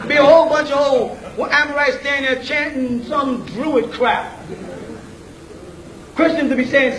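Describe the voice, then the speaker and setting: A man's voice: very high voice, fairly even intonation, a little slow, long pauses, a bit bright. A man giving an informal lecture to a group, blunt and casual, constantly checking in with questions like "you know what I'm saying?". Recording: echoey room, mic at a distance, faint ambient noise.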